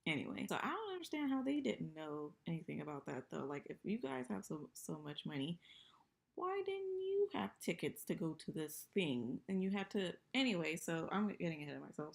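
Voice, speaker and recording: A woman's voice: fairly low pitch, gravelly. A woman in her thirties chatting casually and profanely through a TV episode recap. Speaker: TV recap vlogger.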